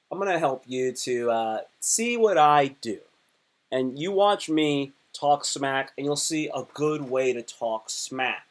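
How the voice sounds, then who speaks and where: A young adult man, a comedian, talking casually and animatedly on a livestream with lots of restarts. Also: fairly high pitch. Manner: chatty, animated, rambling with restarts. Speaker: comedian and live streamer.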